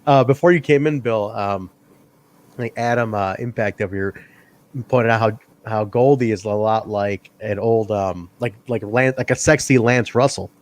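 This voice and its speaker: A man hosting a casual wrestling review podcast, excitable and laughing often as he tells stories. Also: fairly low pitch, moderate pace. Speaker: podcast host.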